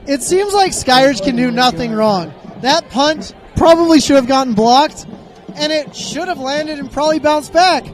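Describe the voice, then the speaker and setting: A man in his thirties with a very high voice comments on a football game. He tosses in joking, wry remarks. He speaks from a stadium press box. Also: moderate pace. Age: 30s. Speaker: color commentator.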